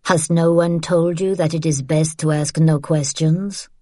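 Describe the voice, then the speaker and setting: Lady doing a cold creepy police agent, low, clipped, level, dry close mic. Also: steady tone, unhurried, dark tone, no echo. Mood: cold menace. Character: cold, menacing male secret police agent.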